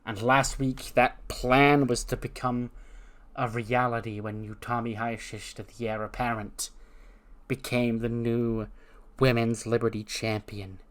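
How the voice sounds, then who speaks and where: A scheming woman wrestler giving a slow, smug speech in the ring, as a man puts her on. She lingers on her words for effect. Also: mid-range voice, level tone, close to an everyday voice.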